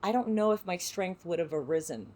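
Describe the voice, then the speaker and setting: An actress from San Diego speaking as a podcast guest, reflective and heartfelt, with many filler words. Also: female voice, on the low side, lively intonation, fairly quick, dark tone. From San Diego, United States. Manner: reflective, heartfelt, full of "you know" fillers. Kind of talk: podcast interview.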